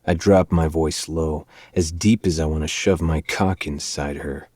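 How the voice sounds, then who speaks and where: A man with a very deep voice reads a novel aloud in a low, measured first-person narration. The recording is dry and close, with no room sound around him. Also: steady tone, a little mellow, no room sound. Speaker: podcast host. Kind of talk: audiobook-style narration of a dark romance novel.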